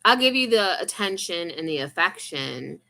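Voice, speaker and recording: A woman's voice: on the low side, sing-song, moderate pace, creaky, sharp tone. A young woman vlogger in casual, rambling, confessional chat full of fillers.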